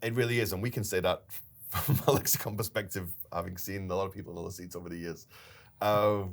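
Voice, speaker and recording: A man co-hosting a casual business chat, telling stories in an animated way and laughing now and then. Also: low voice, fast, gravelly. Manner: storytelling, animated retelling with laughs. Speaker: company founder and podcast co-host.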